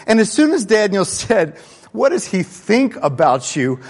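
A man's voice: sits high, very animated, measured pace. A man preaching a sermon, earnest and conversational, often repeating words as he gathers his thoughts. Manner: grows quiet and reflective in the second half.

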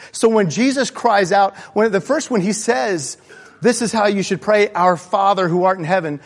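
Earnest man preaching, fairly high voice. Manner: earnest, repeats words as he gathers thoughts; grows quiet and reflective in the second half. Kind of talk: sermon.

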